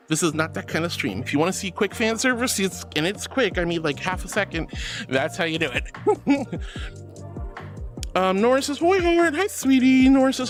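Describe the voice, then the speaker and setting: A man's voice: high-pitched, fairly bright tone. A man streaming as a VTuber, reading chat aloud and answering viewers with affectionate pet names and giggles. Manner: affectionate, calls viewers darling and sweetheart.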